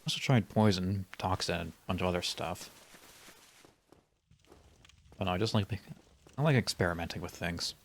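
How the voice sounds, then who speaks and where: A man's voice: low-pitched, normal speed, long pauses, a little hiss or hum. A male streamer giving casual, rambling commentary while playing a game, with dry, wry humor. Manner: rambling asides.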